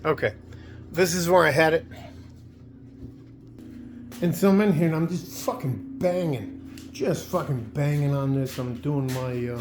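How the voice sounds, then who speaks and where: A man vlogging in his home garage, talking in a rambling, profane, worked-up way. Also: on the high side. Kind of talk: casual vlog monologue.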